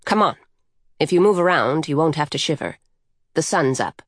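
A woman's voice: low voice, animated, moderate pace, dry recording, studio quality. A woman voicing an offhand trickster coyote in a storybook reading, talking in a blunt, matter-of-fact way.

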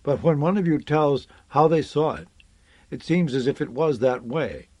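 A man voicing a thoughtful crewman who speaks haltingly, searching for words, in an audiobook read. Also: on the high side, lively intonation, warm tone, dry recording, lightly acted. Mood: unsettled.

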